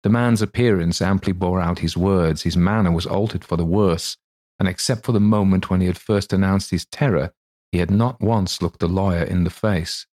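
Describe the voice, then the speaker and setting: A man narrating a classic story for a podcast in a measured, even way. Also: deep voice.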